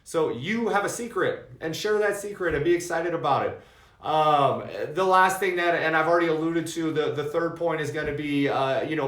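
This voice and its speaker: A man's voice: fairly high pitch, lively intonation, moderate pace, fairly bright tone. A man coaching insurance agents in an emphatic way, repeating his key points and calling his listeners "guys". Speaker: insurance sales trainer. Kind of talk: coaching talk to sales agents. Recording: echoey room.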